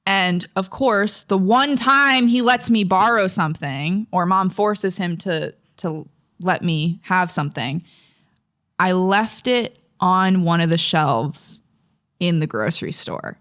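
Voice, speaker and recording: A woman's voice: on the low side, slow, a bit bright. A young woman co-hosting a podcast, telling a childhood story in a rambling, profane, casual way full of fillers. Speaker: podcast co-host.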